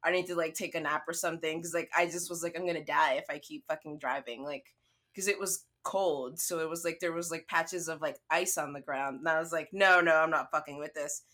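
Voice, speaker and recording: A young woman spins a story in casual chat, cursing freely and acting out her own lines. Her voice is bright and forceful, sitting a little low. She talks casually throughout. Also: a little fast. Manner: profane, animated storytelling.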